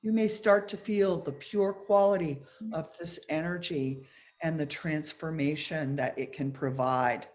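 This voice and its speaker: A woman leading a guided meditation over a video call, giving soft, slow instructions with pauses. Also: sits low, fairly even intonation.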